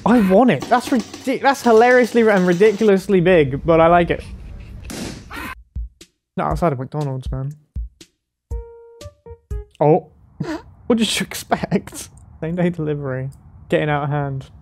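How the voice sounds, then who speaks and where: A man's voice: high voice, measured pace, pauses often, darkish tone, soft background music. A man hosting a casual meme reaction video. He speaks in short exclamations and laughs often. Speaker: YouTube reaction host.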